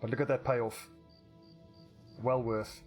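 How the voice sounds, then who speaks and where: A man's voice: mid-range voice, level tone, takes it slowly, soft background music. A man giving casual, rambling commentary while playing a strategy game, swearing casually and restarting his sentences. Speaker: let's play commentator.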